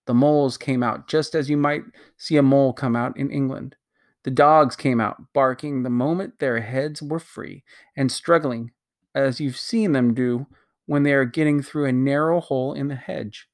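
A narrator reading a children's novel aloud at a steady pace, with occasional slips and restarts. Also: mid-range voice. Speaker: audiobook narrator.

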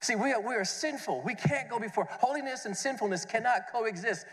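A man preaching a conference sermon, animated, acting out questions and answers and repeating words as he goes. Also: sits high, a little fast, hardly any pauses. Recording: long hall reverb.

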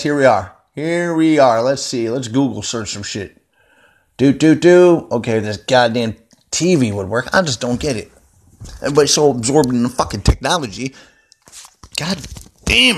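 Angry, profane man ranting into his phone. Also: medium pitch. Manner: angry, heavily profane, rambling. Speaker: vlogger. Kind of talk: unscripted profane rant. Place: indoors at home, seated.

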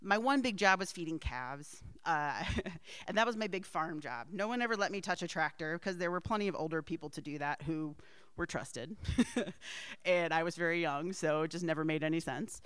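A woman's voice: sits low, normal speed, fairly bright tone, smooth, no room sound. A middle-aged woman telling a personal family story in a rambling way, with asides and frequent laughs.

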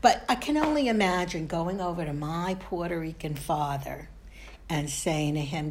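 A woman's voice: low voice, moderate pace, darkish tone. A woman with a New York accent co-hosting a podcast in casual, chatty, self-mocking talk. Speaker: podcast co-host. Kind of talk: casual chat.

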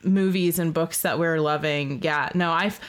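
A woman's voice: deep voice, unhurried, clear, resonant tone. A woman co-hosting a podcast, chatting casually and backing up her friend with short agreeing replies. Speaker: podcast co-host. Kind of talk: casual chat.

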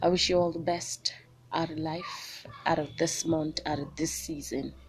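A woman's voice: low-pitched, fairly even intonation, normal speed. A woman with a Nigerian English accent hosting a solo podcast from her small home. She talks into a phone in a bubbly, chatty way and slips into pidgin. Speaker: podcast host. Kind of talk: solo motivational podcast chat.

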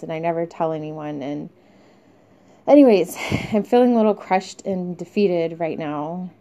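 A woman's voice: lowish voice, warm tone, clean tone. A young woman hosting a podcast, talking candidly in a rambling, confessional way with fillers and small laughs. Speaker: podcast host. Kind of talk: casual confessional monologue. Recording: dull lo-fi sound.

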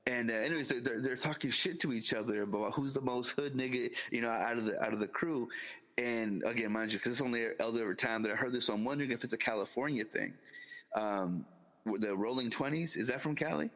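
A man's voice: medium pitch, quick pace, fairly bright tone, big-room sound, low-quality recording. A man co-hosting a live podcast, rambling through stories with laughter and profanity. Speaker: podcast co-host. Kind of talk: casual live podcast chat.

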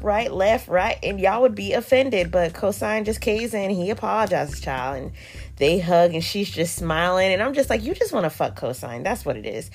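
A woman host reviews a show in a casual, sassy way, dropping slang and laughing often. Her pitch sits in the middle but swings widely, which keeps her lively. Faint music plays behind her. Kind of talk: casual commentary.

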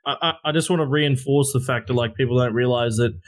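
A man's voice: medium pitch, fast talker. A young man on a livestream, speaking earnestly and reassuringly. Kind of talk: casual stream chat.

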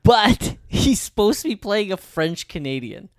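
A man co-hosting a movie podcast, talking casually and enthusiastically, swearing freely and getting louder when excited. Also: sits high, measured pace, no room sound, clean studio sound. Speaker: podcast co-host.

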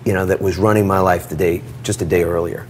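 A middle-aged man telling a personal story in an interview, animated and acting out the dialogue. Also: deep voice, fast talker, slight background noise. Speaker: guest.

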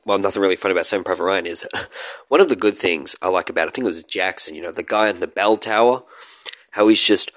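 A man's voice: low-pitched, quick pace, no echo. A man talking casually to his audience in a rambling, joking way about films he likes. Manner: joking, rambling, with loud shouted bits and laughs. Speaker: movie vlogger. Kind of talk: casual rambling talk to camera.

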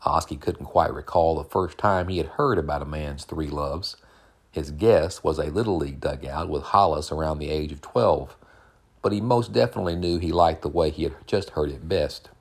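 Deep deep voiced guy reading a book chapter out, calm and steady, bit husky. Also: moderate pace. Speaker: podcast host and reader. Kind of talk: audiobook narration.

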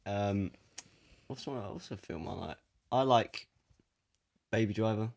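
A man's voice: lowish voice, unhurried, gravelly, darkish tone. A man co-hosting a podcast, chatting casually in a dry, teasing, laid-back way. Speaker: podcast co-host. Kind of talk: casual chat.

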